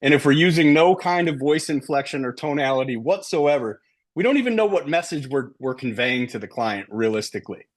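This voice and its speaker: A man's voice: a little high, animated, brisk. A middle-aged man coaching a sales team, talking emphatically and often checking in with "right?". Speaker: sales trainer. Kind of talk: sales training talk to a team.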